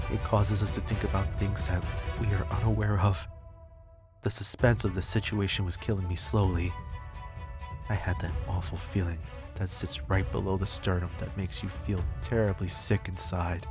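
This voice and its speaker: Deep-voiced man narrating a horror story. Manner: steady, suspenseful storytelling. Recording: loud background music.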